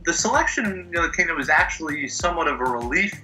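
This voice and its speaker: A man, a guest sports editor on a podcast, talking in an animated, enthusiastic way and joking along. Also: a little high, fast talker, soft background music, rough recording. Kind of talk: casual podcast interview.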